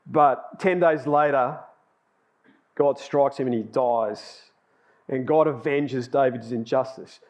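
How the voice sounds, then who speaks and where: A man's voice: mid-range voice, slow pace. A man giving a sermon, telling personal stories in a chatty way and laughing at himself. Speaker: lay preacher.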